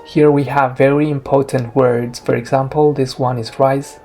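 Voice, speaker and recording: A language teacher giving a lesson summary, sounding out each tone slowly and carefully. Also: mid-range voice, steady tone, a little mellow, faint music behind.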